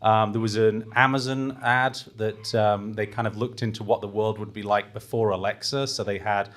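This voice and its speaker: A man's voice: on the low side, fairly even intonation, moderate pace, a bit bright. A man talking through ads in a casual panel chat, with lots of fillers and restarts. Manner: hesitant, many fillers and restarts. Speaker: podcast panelist.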